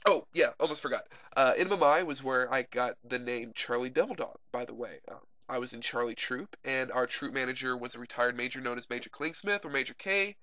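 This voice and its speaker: Bright-voiced young man from Oklahoma. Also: medium pitch, fairly quick, hardly any pauses, dry recording, highs cut off. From Oklahoma Panhandle, USA. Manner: wry, candid, frequent uh and um fillers. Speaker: video blogger. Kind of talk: casual personal monologue.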